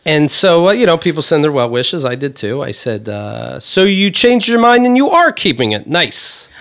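A man co-hosting a casual comedy podcast chat, ranting and swearing with animated energy. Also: on the high side, moderate pace. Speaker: podcast co-host.

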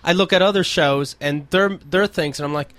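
A man's voice: on the high side, fairly quick, a bit bright, no echo. A man hosting a casual talk show, joking and swearing as he acts out quotes from a story. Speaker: host. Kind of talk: casual chat.

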